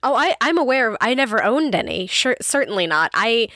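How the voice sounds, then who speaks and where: A woman's voice: a little high, very animated, fairly quick, pushed and bright, no echo, studio quality. A woman co-hosting a casual book podcast, giggling often and using lots of fillers. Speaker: podcast co-host.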